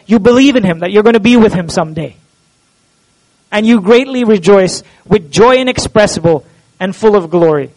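A man with a high-pitched voice preaches in church as the pastor. He talks earnestly and keeps putting questions to his listeners. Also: low-quality recording. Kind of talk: sermon.

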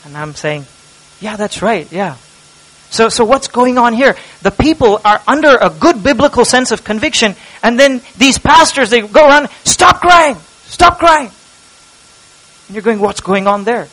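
A man preaching a sermon with passion, dropping to a hush and rising to loud cries. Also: very high-pitched, lively intonation, normal speed, low-quality recording. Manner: impassioned preaching, swings from hushed to loud. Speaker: pastor.

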